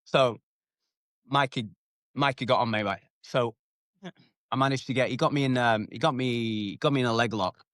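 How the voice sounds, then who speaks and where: A man's voice: medium pitch, moderate pace, pauses often, fairly bright tone, no room sound, clean studio sound. A British man, a former MMA fighter, telling stories from his fighting days in a casual podcast interview. He swears freely and acts out the people he quotes. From United Kingdom. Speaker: retired MMA fighter, guest.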